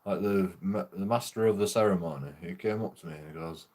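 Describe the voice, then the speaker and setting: A man's voice: low voice, a little fast, a little mellow. Sweary man rambling. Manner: sweary, rambling, laughs through his stories. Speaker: streamer. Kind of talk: rambling casual chat.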